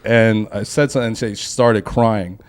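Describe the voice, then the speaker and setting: A man's voice: lowish voice, steady tone, normal speed, clean tone. A man in his thirties co-hosting a podcast, telling rambling stories in casual banter, slipping into put-on voices and laughing along. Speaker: podcast co-host.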